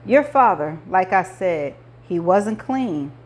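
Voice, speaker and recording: A woman's voice: lowish voice, animated, slow pace, darkish tone. A woman reading an audiobook, voicing an older male mob boss who talks like a movie gangster, menacing and jovial. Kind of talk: audiobook character voice.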